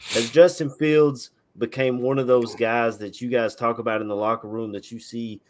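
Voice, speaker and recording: A podcast co-host from Chicago, asking questions in a lively, joking way. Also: male voice, mid-range voice, normal speed. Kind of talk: casual interview questions.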